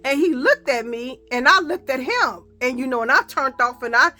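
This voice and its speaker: A woman vlogger telling a story in a lively, slangy, profane casual style. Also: high-pitched, moderate pace.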